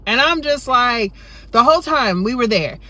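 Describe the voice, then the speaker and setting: Woman rambling through a storytime, kinda high voice, goes up loud when she acts out being a kid. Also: expressive, moderate pace. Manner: chatty, rambling, full of "you know" and "right?"; jumps high and loud when acting out her younger self. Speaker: storytime vlogger. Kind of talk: casual storytime chat.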